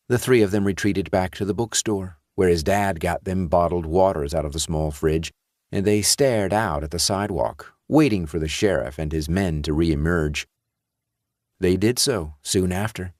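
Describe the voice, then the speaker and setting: A man reading a horror story aloud in a measured storytelling delivery. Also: sits low, a little mellow, no echo, studio quality. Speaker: audiobook narrator. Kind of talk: scripted narration.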